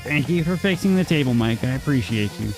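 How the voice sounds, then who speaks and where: A man's voice: mid-range voice, animated, brisk, over music. A man streaming a strategy game, chatting casually and answering his chat, often repeating words as he talks. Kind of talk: casual gaming commentary, reading chat.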